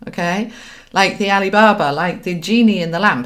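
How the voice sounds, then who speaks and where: A woman's voice: medium pitch, normal speed. A middle-aged woman, hosting a live-stream chat as a spiritual coach, earnest and guiding, often checking in with "all right?" and "okay?".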